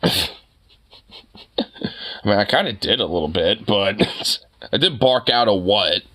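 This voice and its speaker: Animated cursing young man on stream. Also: on the low side, slow pace. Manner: profane, animated ranting, laughs often. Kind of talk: casual stream chat.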